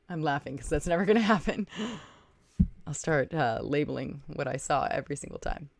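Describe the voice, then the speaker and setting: Low-voiced woman livestreaming. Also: lively intonation, a little fast, gravelly, dry recording. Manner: chatty, thinks aloud, thanks viewers by name. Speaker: livestream host. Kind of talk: casual livestream chat reading viewer comments.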